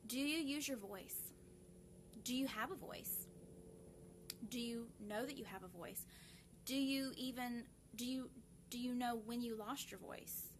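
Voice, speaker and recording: A woman's voice: on the high side, unhurried, pauses often, background noise. A woman, hosting a casual live video and talking earnestly to viewers, with many fillers and restarts. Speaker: host of a grief support live video.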